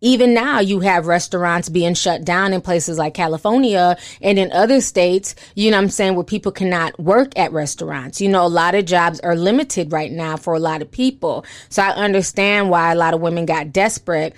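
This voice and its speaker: A woman's voice: fairly low pitch, moderate pace, hardly any pauses, dry recording. A young woman giving casual commentary and reading posts aloud, with lots of "you know" fillers.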